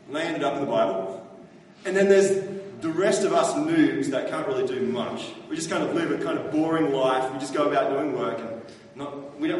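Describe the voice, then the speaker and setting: A man's voice: a little high, a little mellow. A man preaching a sermon as pastor, talking in a conversational way and often asking the congregation questions. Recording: echoey hall from far off.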